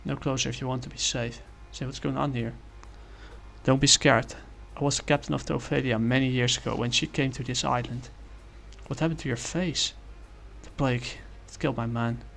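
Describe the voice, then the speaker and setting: A man reading the lines of a reclusive, scarred old lighthouse keeper from a comic, in a flat, plain delivery. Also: medium pitch, a little fast, vocal fry, slight background noise. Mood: warning.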